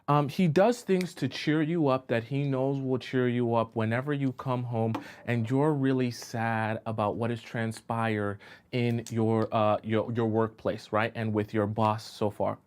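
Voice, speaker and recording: A man's voice: medium pitch, level tone, unhurried, darkish tone, clear, resonant tone. A man speaking as a relationship coach, in the easy flow of an advice live stream. He works through his point with examples and keeps stopping to ask whether listeners are following him. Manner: keeps checking in with listeners, asking if they follow.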